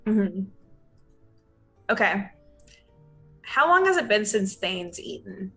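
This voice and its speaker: A woman's voice: mid-range voice, big pitch swings, slow, bright, forceful tone, faint music behind. A woman playing in a tabletop game, chatting casually and laughing easily. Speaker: player.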